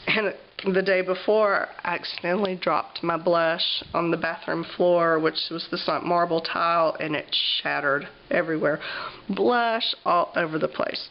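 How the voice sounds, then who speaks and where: A woman's voice: lowish voice, steady tone, unhurried, dull audio, slight background noise. A woman with a cough, chatting casually with lots of ums as she flips through her travel journal. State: has a cough, clears her throat. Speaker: vlogger.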